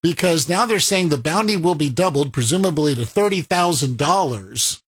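A man's voice: fairly high pitch, animated, normal speed, husky. A middle-aged man hosting a political talk radio show, delivering a sardonic monologue with frequent chuckles.

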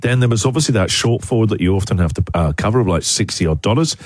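A man's voice: on the low side, animated, fast, no echo. A man with an Australian accent hosting breakfast radio in a studio, joking and teasing his guests. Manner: jokey, teasing, laughs often. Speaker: radio host.

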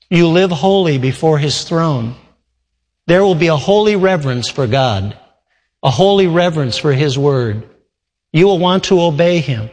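A man pastor preaching a sermon, reading scripture and explaining it in an animated way. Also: on the high side, long reverb tail, low-quality recording.

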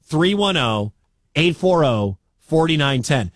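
Animated sports radio host, dry studio. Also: male voice, a little high, dry recording. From Midwestern United States. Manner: animated, incredulous, quick asides.

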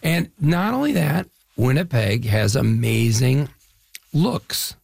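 A man's voice: mid-range voice, slow pace, gravelly, slightly rough, no echo, studio quality. A middle-aged man from the Chicago area, an actor telling rambling stories in a casual interview. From Chicago area, Midwest US. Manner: animated, rambling storyteller. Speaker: actor guest.

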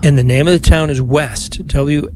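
Older male priest host, folksy and joking, slightly high voice, leads prayers and takes calls. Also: normal speed, a little hiss or hum. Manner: warm, folksy, joking with callers. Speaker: priest and radio rosary host. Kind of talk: leading prayer and taking calls.

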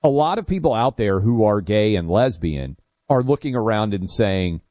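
Brash guy hosting call-in radio, jokey and quick, dry studio sound. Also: on the low side, sing-song, a little mellow, no room sound. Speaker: radio show host. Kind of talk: casual talk radio banter.

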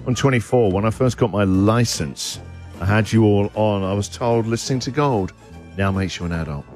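A man's voice: on the low side, normal speed, darkish tone, faint music behind. A middle-aged man hosting a breakfast radio show, chatting and joking as he reads out listener messages. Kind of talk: casual radio chat.

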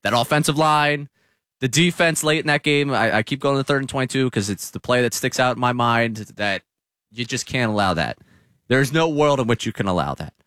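A man's voice: mid-range voice, a little fast, fairly bright tone, smooth, dry recording. A man hosting sports talk radio, breaking down the team's start in a studio. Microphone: studio mic.

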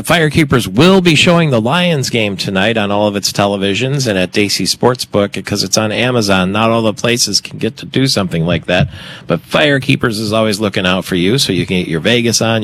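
A man's voice: on the low side, a little fast, a bit bright, dry recording. A man hosting a radio show, asking questions and reading promotions in a chatty, upbeat way. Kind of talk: radio interview and live promo.

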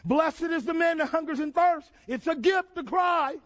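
High voiced pastor guy preaching hard, keeps asking the church questions, gets loud and shouty. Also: normal speed. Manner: call-and-response questions to the congregation, emphatic shouted build-ups. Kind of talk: sermon.

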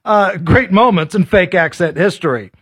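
Lively high-voiced man hosting, mocking. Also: normal speed, husky, no room sound. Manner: mocking, animated. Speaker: host. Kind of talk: casual commentary.

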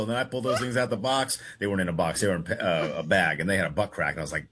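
A man in his thirties playing along in a radio quiz segment, hesitant and thinking out loud. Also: fairly low pitch, steady tone, very fast, few pauses, a little hiss or hum. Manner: hesitant, thinks aloud with fillers. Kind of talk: casual sports radio chat.

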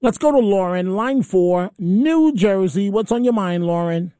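A man's voice: high voice, unhurried, dark tone, smooth, no echo, clean studio sound. A man hosting a call-in radio talk show, telling a personal story in a chatty, emotional way. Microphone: studio microphone.

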